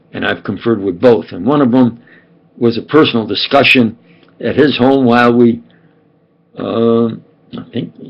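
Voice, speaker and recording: A man's voice: medium pitch, vocal fry, husky, dull audio. An older man from New York with a New York accent, rambling emphatically and repeating himself in a home monologue. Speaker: self-styled scientist and preacher.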